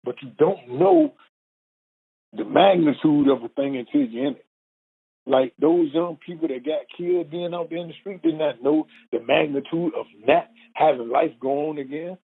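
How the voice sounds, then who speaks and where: Guest storyteller, man, husky mid-pitched voice, earnest, stumbles over repeated words when moved, phone-quality sound. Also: expressive, normal speed. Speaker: guest telling his life story. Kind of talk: emotional personal storytelling. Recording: phone-like narrow band.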